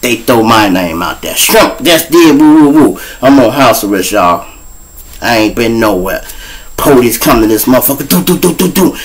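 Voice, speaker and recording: A man with a Chicago accent tells rambling street stories on his own show. He is casual and profane, and his voice jumps high whenever he plays other people in the story. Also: animated, normal speed, low-quality recording. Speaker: host telling street stories.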